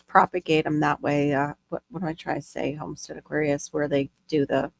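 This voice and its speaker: A woman hosting a casual chat, talkative and quick to gasp. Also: low-pitched, flat delivery, gravelly. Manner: chatty, gardening talk, quick gasps. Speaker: host.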